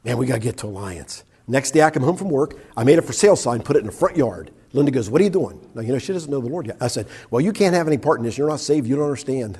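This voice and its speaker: An older man offers his personal testimony at church, acting out the words spoken and laughing at himself. His husky voice sits on the high side, sing-song and fairly quick.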